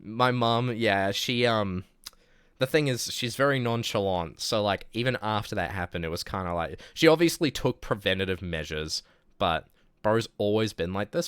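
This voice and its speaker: Male streamer, New Zealand accent, lower pitch, smooth, dry sound, rambles casually. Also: expressive, moderate pace, fairly bright tone, no room sound. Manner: rambling, full of filler words. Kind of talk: casual chat storytelling.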